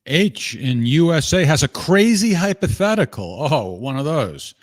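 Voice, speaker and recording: A man hosting a live call-in show, taking calls and reading out listener questions with brisk, joking banter. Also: fairly high pitch, very animated, dry recording. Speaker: host.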